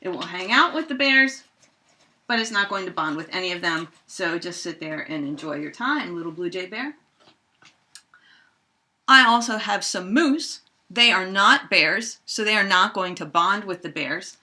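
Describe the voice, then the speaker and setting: A middle-aged woman teaching a high school chemistry lesson, playfully acting out reactions with toy bears. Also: unhurried. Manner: animated, acts out toy bears in squeaky voices. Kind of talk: playful classroom lesson with toys.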